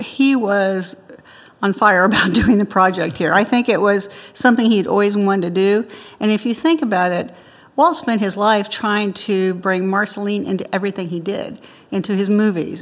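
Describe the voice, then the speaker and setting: Older woman, interviewee, chatty storyteller who laughs easily; mid pitch. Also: big-room sound.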